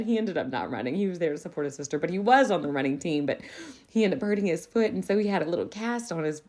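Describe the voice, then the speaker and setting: Lively, low-voiced woman podcast host. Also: fast. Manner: animated, laughs often, acts out children's voices. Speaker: elementary school teacher. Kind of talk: casual storytelling.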